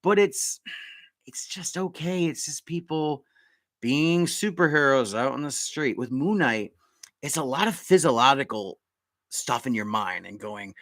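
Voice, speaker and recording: Male live-stream host, excitable, rambling, dry close sound. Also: medium pitch, no echo. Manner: excitable, rambling, quick bursts. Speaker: podcast host. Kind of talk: casual live-stream chat.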